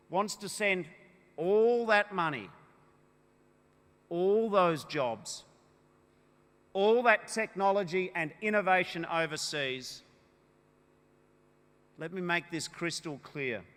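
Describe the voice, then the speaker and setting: An Australian man as a party leader giving a rousing political speech at a conference, with emphatic oratory that swells into loud, punchy declarations. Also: sits high, lively intonation, slow pace, long pauses. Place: large conference hall. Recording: echoey hall with long reverb.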